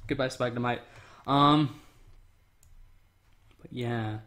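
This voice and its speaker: A man's voice: mid-range voice, fairly even intonation, slow, a bit bright. Young man rambling through a livestream. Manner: rambling, reads chat aloud, frequent ums. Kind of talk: casual livestream chat.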